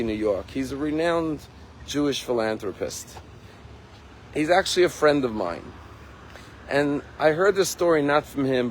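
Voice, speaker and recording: A male rabbi preaches in an earnest, emphatic storytelling manner at a mid pitch. His delivery stays personal and direct. A faint background hiss sits under the voice. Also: rough recording. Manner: earnest, emphatic, acts out quotes. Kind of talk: sermon storytelling.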